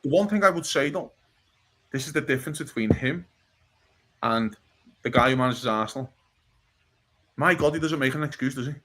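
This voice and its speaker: A man talking football on a podcast, blunt and animated, swearing and often asking "do you know what I mean". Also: mid-range voice, normal speed, long pauses. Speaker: podcast co-host. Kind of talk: casual football chat.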